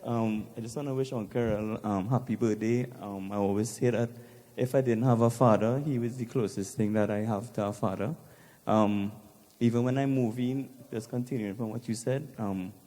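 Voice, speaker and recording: A man giving hesitant impromptu birthday wishes, with many pauses and ums. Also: on the low side, steady tone, dark tone. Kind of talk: impromptu speech.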